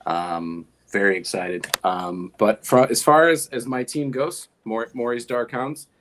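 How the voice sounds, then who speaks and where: A man's voice: mid-range voice, a little slow, a bit bright, slight background noise. A man in a casual podcast chat, talking hesitantly with many ums and restarts as a fantasy league player.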